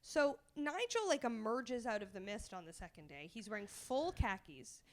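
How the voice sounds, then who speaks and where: A high-pitched woman spins a comic anecdote as a podcast guest. Her telling is chatty and animated, and she breaks into laughter between phrases. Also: moderate pace. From Canada. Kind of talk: comedic storytelling.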